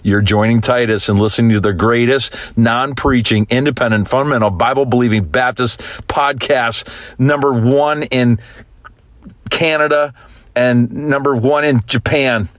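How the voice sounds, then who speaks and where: A man's voice: mid-range voice, steady tone, moderate pace, a bit bright, dry recording. A man hosting a podcast, teasing and joking playfully with a young guest. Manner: teasing, jokey. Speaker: podcast host. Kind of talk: playful chat with a child guest.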